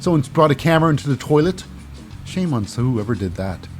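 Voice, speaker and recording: A man's voice: mid-range voice, big pitch swings, a little fast, a little mellow, soft background music. A man casually recapping a wrestling show, rambling with lots of fillers and snarky asides.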